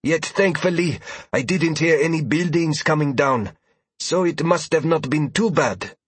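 An upbeat young male adventurer from a storybook, as a male narrator puts him on, a little higher than the narrator's own voice. His tone is steady and reassuring, with a husky grain and a dry, close sound. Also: a little slow, no echo.

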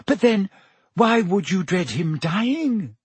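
An earnest know-it-all schoolgirl lays out her logic point by point, with a male reader putting her on. The voice is lifted high and lively, slightly husky, in a close, dry storybook reading. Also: slow, dry recording, heavily acted. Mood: reasoning. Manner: anxious, reasoning, precise.

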